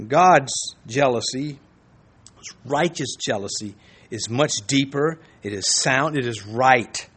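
A man's voice: a little high, fairly bright tone, slightly rough. A man teaching a Bible lesson in a conversational sermon style, with folksy asides and frequent restarts.

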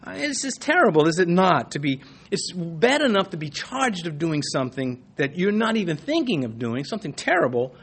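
A man's voice: on the high side, sing-song, moderate pace, hardly any pauses, a bit bright, breathy edge. A man preaching an expository sermon in a conversational way, reading scripture and acting out quoted voices with the odd chuckle.

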